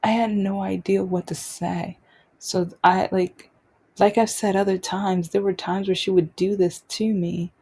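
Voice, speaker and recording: A woman hosting her own show, talking openly and unscripted about personal experiences, halting and restarting as she goes. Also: mid-range voice, little pitch movement, warm tone, slightly rough. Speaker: podcast host sharing personal stories.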